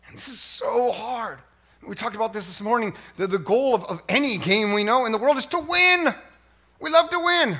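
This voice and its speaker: A middle-aged man preaching a sermon as pastor, animated and swinging from hushed lines to near yelling. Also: extremely high pitch, normal speed.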